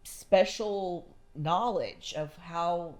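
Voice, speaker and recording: Middle-aged woman, low voice, chatty and animated podcast host. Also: extremely slow. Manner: chatty storyteller, animated, says y'all. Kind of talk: casual chat.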